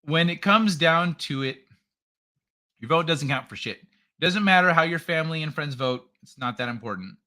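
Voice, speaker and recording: A man's voice: on the high side, animated, moderate pace, sharp tone. A man hosting a casual livestream, reading chat messages and rambling, swearing freely as he reacts. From California.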